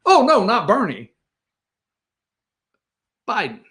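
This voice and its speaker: A man's voice: sits high, huge pitch swings, takes it slowly, bright, forceful tone. A man hosting a political talk show, rambling and opinionated, mocking the people he quotes. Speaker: host.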